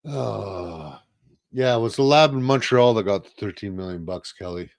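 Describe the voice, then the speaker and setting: A man's voice: fairly low pitch, lively intonation, normal speed, dry recording, studio quality. A man co-hosting a casual live-stream talk show, blunt and profane, firing off rhetorical questions. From Canada.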